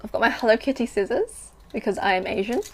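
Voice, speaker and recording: Excitable chatty woman. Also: on the high side, fast. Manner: excitable, chatty, filler-heavy. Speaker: writer and vlogger. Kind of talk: casual chat and story reading.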